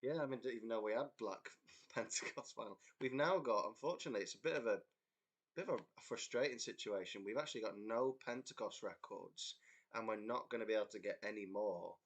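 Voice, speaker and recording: A man's voice: fairly low pitch, brisk. A young English man from a band, chatting casually on a livestream, telling a rambling story with frequent laughter and reading out viewer comments. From England. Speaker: band member hosting a livestream chat. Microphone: computer mic on a livestream.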